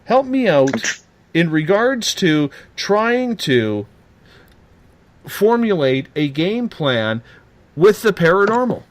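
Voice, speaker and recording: A man hosting a late-night radio talk show, animated and teasing as he rants. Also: high voice, slow.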